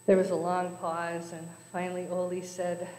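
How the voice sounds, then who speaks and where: A woman's voice: lowish voice, completely flat delivery, moderate pace, warm tone, a little hiss or hum. Brief: woman joke-teller in a church, storytelling style, long hall reverb. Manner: storytelling with voices for characters. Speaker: speaker at a church service. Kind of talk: telling jokes to a congregation. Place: church sanctuary.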